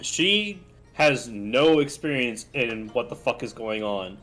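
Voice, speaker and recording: Slow-talking man with a lively pitch. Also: faint music behind. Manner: slow, swearing, laughing banter. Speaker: player. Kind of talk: casual chat.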